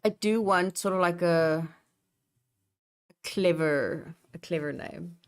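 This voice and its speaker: A young woman streams live and chats loosely while she works. She reads her chat aloud, swears casually and pokes fun at herself. Her voice is low, unhurried and gravelly. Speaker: livestreamer building a map.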